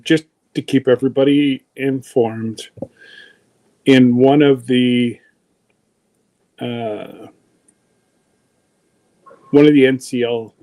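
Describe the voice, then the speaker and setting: A man's voice: medium pitch, darkish tone. A man hosting a casual livestream, chatty and folksy, greeting viewers one by one. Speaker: livestream host.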